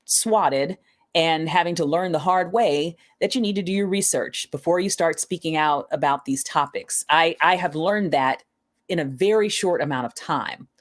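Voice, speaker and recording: A woman's voice: low-pitched, normal speed. A woman guesting on a podcast as an online creator, speaking thoughtfully and often restarting her phrases. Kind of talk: casual conversation.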